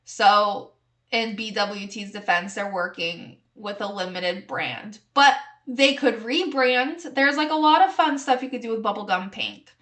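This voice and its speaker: A woman's voice: medium pitch, a little slow, a bit bright. A young woman hosting her own podcast, chatting casually with playful, snarky hot takes, often giggling and filling her talk with "like" and "um". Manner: chatty and giggly, heavy use of "like" and "um". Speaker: podcast host. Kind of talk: casual solo podcast chat.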